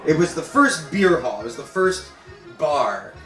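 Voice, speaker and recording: Lively young man telling a stage story. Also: on the high side, unhurried, distant mic, over music. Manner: animated, laughing through his own story. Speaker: comedian. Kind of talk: live stand-up storytelling. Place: stage in a venue. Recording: roomy live stage recording from afar.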